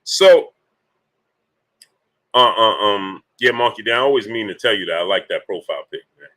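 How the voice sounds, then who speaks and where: A man's voice: fairly low pitch, fast talker, pushed and bright, rough recording. A man hosting a casual boxing talk livestream, greeting viewers by name between his points, with many fillers.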